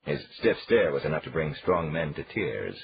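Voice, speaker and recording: A man narrating a crime thriller audiobook in steady, lively storytelling. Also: rumbling low, moderate pace, gravelly, background noise. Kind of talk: scripted narration. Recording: dull lo-fi audio.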